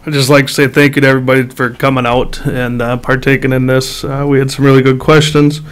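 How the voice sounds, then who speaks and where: A man's voice: medium pitch, little pitch movement, fast, smooth. A man running for sheriff, giving a down-to-earth, humble closing statement. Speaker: sheriff candidate. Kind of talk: plain-spoken closing statement. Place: public meeting hall.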